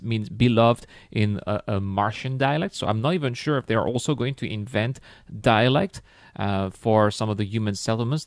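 A man's voice: on the low side, dry recording, clean studio sound. A young man with a French accent, a French native speaker, hosting a casual gaming video and musing enthusiastically with many fillers and restarts.

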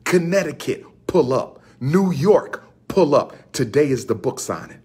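A man's voice: on the high side, lively intonation, a little slow, noisy background. A man from Philadelphia making an emphatic, rallying announcement to promote his own events, repeating phrases like a chant.

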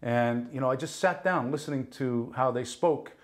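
A man from New Jersey, a guest actor telling lively stories in a casual interview, acting out the voices of others and swearing now and then. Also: mid-range voice, normal speed. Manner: animated, acts out quoted voices, swears casually.

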